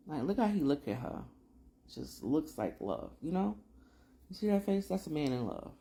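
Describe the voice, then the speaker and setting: Gravelly-voiced woman recapping casually. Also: low voice, big pitch swings, moderate pace, dark tone. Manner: chatty, slangy storytelling with asides. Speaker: drama recap vlogger.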